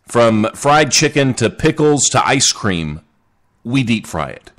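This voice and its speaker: A man with a drawl hosts a casual live podcast show. His voice rises and falls a lot as he jokes, and he keeps things chatty while reading comments from the listener chat aloud. His pitch sits in a middle range. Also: very animated, slow, a bit bright. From Southern United States. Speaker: podcast host.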